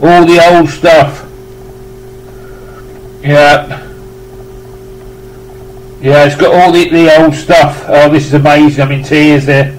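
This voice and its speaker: British male vlogger, slightly raised pitch, effusive rambling unboxing chat, faint background noise. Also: little pitch movement, takes it slowly, long pauses, rough recording. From United Kingdom. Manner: rambling, effusive, joking asides.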